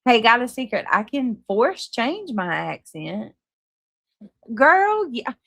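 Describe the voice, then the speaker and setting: A livestream host with a Southern accent speaks in a slightly high, sing-song voice that's a bit bright, slow, and touched with vocal fry. She casually chats with viewers and reads their comments, swearing freely, in a dry recording.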